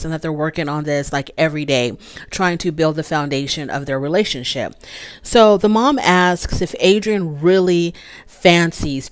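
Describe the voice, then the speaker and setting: A woman's voice: fairly low pitch, smooth, dry recording. An American woman hosting a casual solo recap of a reality show, chatty, retelling scenes and quoting what people said. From United States. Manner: chatty, recounts scenes with quoted lines.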